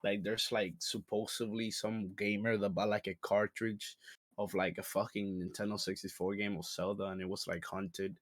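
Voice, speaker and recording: A man hosting a casual podcast, reacting to videos in a crude, excitable way with lots of swearing. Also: on the low side, moderate pace, dry recording, studio quality. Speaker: podcast host.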